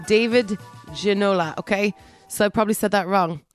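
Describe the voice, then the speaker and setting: A woman's voice: mid-range voice, moderate pace, faint music behind. A woman co-hosting a radio show, chatty and questioning in casual banter. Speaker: radio co-host.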